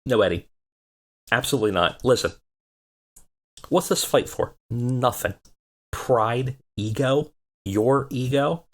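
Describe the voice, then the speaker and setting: A man voicing a cocky young male wrestler who flatly refuses his leader, slow and defiant. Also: medium pitch, pitched above the performer's own voice. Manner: defiant, cold, drawn-out refusals.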